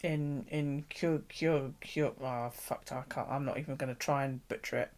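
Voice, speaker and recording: A woman's voice: very deep voice, fairly even intonation, normal speed, a little mellow. A British woman hosting a live stream from her craft desk at home, rambling casually with viewers and swearing freely. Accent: British English. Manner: chatty, swears casually, frequent ums and laughs.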